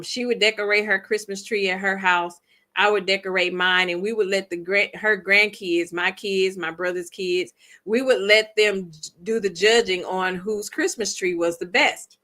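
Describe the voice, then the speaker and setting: A woman's voice: medium pitch, sharp tone. A woman chatting heartfelt and reflective on her vlog, with many ums. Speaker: vlogger. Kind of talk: casual chat.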